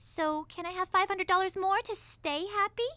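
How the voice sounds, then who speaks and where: A woman's voice: very high-pitched, fairly even intonation, normal speed, noisy background. A woman voicing a bratty, dramatic teenage daughter in an adult cartoon. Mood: whining. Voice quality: whiny, bratty.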